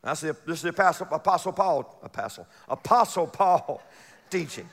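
A pastor preaching a fervent sermon, building to shouted peaks and dropping into laughing asides. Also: male voice, high-pitched, big pitch swings, normal speed, big-room sound. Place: church sanctuary.

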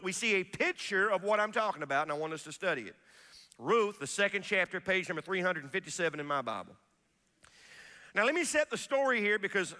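A man preaching from the pulpit, his voice high and bright as it rings through a large sanctuary with long reverb. He preaches in an animated, folksy way, tossing in asides and calling out to the congregation. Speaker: pastor. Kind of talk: sermon.

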